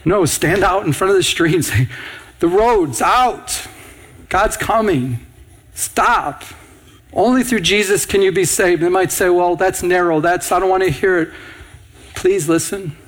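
A man's voice: high-pitched, steady tone, normal speed. A male pastor giving an earnest, urgent sermon, often restarting his sentences.

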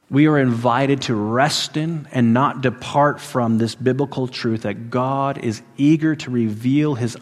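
A man preaching a sermon who repeats phrases for emphasis, rising to loud emphatic peaks and dropping to hushed endings. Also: medium pitch, long reverb tail. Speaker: pastor.

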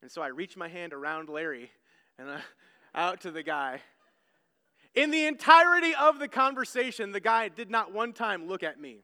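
Male pastor, sermon, earnest storytelling, repeats words, bright tense voice, long church reverb. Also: high voice, very animated, normal speed.

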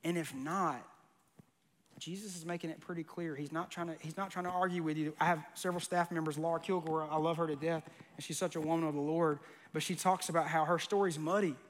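A man's voice: on the high side, steady tone, a little fast, big-room sound. A man preaching a sermon, conversational and joking, with bursts of emphasis. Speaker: pastor.

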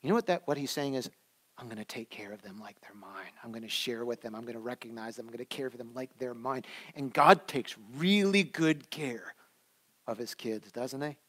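A man in his thirties, a pastor preaching a sermon in a conversational way, swinging between loud emphatic lines and soft, quiet asides. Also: mid-range voice, moderate pace.

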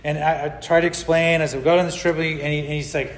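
Californian pastor guy, pretty high voice, tells stories and does the voices, long hall echo. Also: little pitch movement, quick pace, background noise. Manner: storytelling, acts out the people he quotes. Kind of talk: sermon with personal story.

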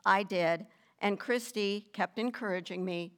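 An older woman reading her personal faith testimony in a measured, deliberate storytelling manner with gentle emphasis. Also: mid-range voice, fairly even intonation, smooth.

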